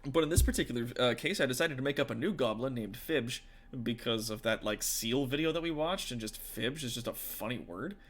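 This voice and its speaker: A man's voice: medium pitch, fairly quick, fairly bright tone. A man, a tabletop game master and streamer, chatting casually with viewers in a rambling, profane way full of fillers.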